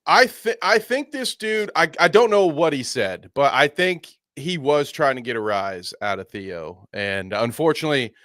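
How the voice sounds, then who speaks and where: A man's voice: on the high side, lively intonation, moderate pace, hardly any pauses, a bit bright, no echo, studio quality. A man co-hosting a live podcast, commenting on clips in a rambling, stop-start way and often correcting himself. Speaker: podcast co-host. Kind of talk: casual live-stream chat.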